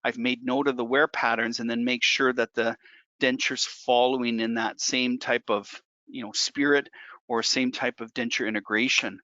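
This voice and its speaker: A man's voice: medium pitch, fairly even intonation, normal speed, pushed and bright, no echo. A man working as a dental technician instructor, walking through a hands-on demonstration in a conversational way and repeating key points for emphasis. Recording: dull dry lo-fi recording.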